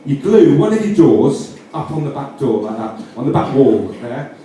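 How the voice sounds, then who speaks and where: A comedian with a Yorkshire accent gives mock-earnest, rambling comic instructions, often correcting himself mid-sentence. His medium-pitched male voice is sing-song and warm at normal speed. The distant mic catches a roomy echo and faint noise.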